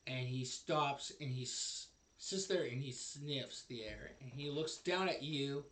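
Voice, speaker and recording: Guy dm'ing a tabletop game, slow and halting, lots of ums. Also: medium pitch, fairly bright tone. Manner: halting, many fillers. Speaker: game master.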